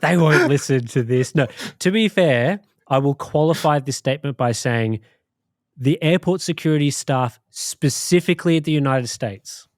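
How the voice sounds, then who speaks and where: A man's voice: a little high, normal speed, dry recording, clean studio sound. An Australian man co-hosting a podcast, chatting casually with wry jokes. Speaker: podcast co-host. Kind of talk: casual chat.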